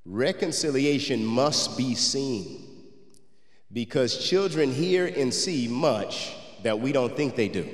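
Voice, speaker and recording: A man preaching a sermon. He reads old scripture, then tells a personal story that moves him. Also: medium pitch. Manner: gets emotional and quiet while telling the story. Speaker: pastor. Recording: roomy hall with long reverb.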